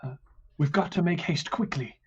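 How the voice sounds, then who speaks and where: Man putting on a guard: tense, higher, barking orders, muffled audio. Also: normal speed, breathy edge. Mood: urgent. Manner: commanding, urgent. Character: wary armed city guard, adult man.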